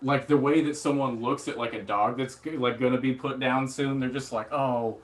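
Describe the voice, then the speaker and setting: A man's voice: medium pitch, fairly even intonation, fairly quick. A man doing stand-up comedy, telling a rambling, self-deprecating story full of fillers, restarts and acted-out quotes. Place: theatre stage before a laughing audience.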